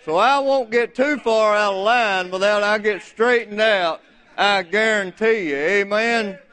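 Preacher guy, real high smooth voice, folksy and fired up, church sermon. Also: measured pace. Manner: folksy, fervent, builds to shouting. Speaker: visiting preacher.

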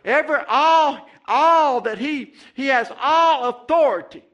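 High bright-voiced preacher. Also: male voice, takes it slowly, muffled recording. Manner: fervent, repetitive, calls out "Amen" and "Hey". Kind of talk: sermon. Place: church.

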